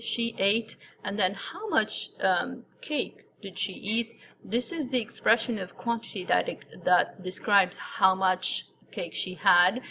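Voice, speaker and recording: A woman of middle pitch walks through a grammar lesson one example at a time, patient and methodical. The recording is a little dull and lo-fi, with a faint hiss underneath. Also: a bit bright. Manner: patient, explains step by step, repeats examples. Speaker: French teacher.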